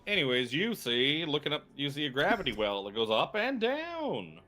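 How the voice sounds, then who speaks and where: A man narrating scenes as dungeon master in a tabletop game, talking in relaxed, rambling descriptions with fillers. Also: a little high, moderate pace.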